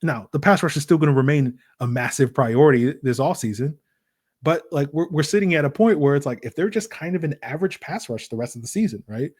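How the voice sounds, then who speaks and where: A man's voice: a little high, fairly quick, breathy edge. Chatty man, sports podcast host. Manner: animated, rambling, lots of fillers and rhetorical "right?"; acts out voices in quoted asides. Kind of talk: solo sports podcast monologue.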